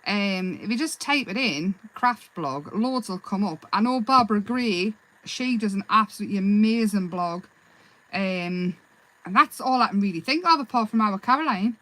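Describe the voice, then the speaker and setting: A woman hosting a live craft demonstration, chatting in a relaxed, rambling way and answering viewers' comments as she works. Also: medium pitch, normal speed, rough recording. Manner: relaxed, self-deprecating. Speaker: craft livestream host.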